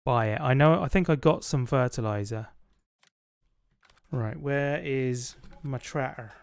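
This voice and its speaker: Casual British streamer, mid-range voice, narrating gameplay to a friend. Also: male voice, medium pitch, measured pace, creaky, smooth, dry recording. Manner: chatty, narrates his own actions. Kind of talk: casual gaming chat.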